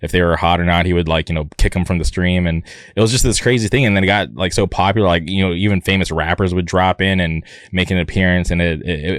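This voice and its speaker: Deep-voiced man rambling on a podcast. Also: dry recording, studio quality. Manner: rambling, many fillers. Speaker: podcast host. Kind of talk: casual podcast chat.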